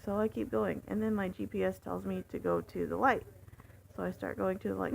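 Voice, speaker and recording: Chatty woman with a gravelly voice. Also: medium pitch, steady tone, fairly quick, dull audio. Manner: candid, chatty, with fillers. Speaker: rideshare driver. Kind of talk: casual storytelling vlog.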